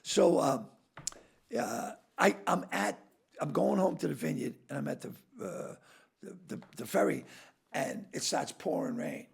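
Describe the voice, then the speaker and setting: A man, a podcast guest telling comic stories in an animated way, swearing freely and breaking into loud laughs. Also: on the high side, measured pace, creaky, slightly rough. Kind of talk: comedic storytelling.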